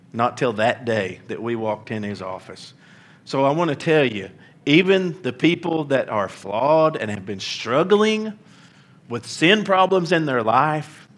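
A man's voice: mid-range voice, fairly bright tone. A middle-aged man preaching a sermon, telling stories earnestly, repeating questions and stumbling over restarts.

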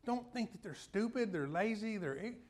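A man's voice: sits high, expressive, moderate pace. A man preaching a sermon in a folksy, conversational way, telling personal stories and putting questions to his listeners.

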